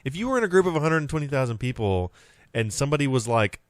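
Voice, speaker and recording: A man co-hosting a podcast in casual chat, expressive and reading verses aloud. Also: mid-range voice, fast, no echo, clean studio sound. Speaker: podcast co-host.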